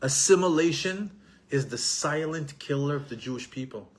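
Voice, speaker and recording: A middle-aged man giving an animated Torah lesson, repeating himself and mixing in Hebrew terms. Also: a little high, normal speed. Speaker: Torah teacher.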